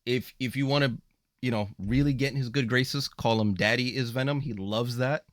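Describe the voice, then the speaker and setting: A man hosts a relaxed gaming podcast from a dry, close mic. He jokes with his panel and rattles off plugs for the show. His voice sits at an ordinary middle pitch. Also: normal speed, dry recording. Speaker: podcast host. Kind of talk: casual chat.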